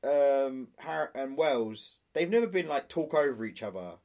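A man's voice: mid-range voice, unhurried. A young man co-hosting a podcast, joking around in casual chat and cursing for punchlines. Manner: animated, jokey, swears for punchlines. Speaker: podcast co-host.

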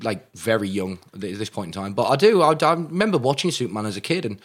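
A man's voice: lowish voice, fast talker. Regional British male co-host, eager and rambling, restarts a lot mid-sentence. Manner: excitable, stumbling restarts, frequent laughs. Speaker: podcast co-host. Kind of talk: casual chat.

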